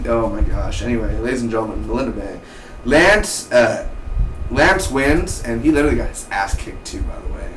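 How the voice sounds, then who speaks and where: Excitable male TV reviewer, slangy and loose, mid-pitched voice, roomy distant sound. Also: slight background noise. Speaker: TV show reviewer. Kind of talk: casual episode review. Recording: roomy, distant mic, faint ambience.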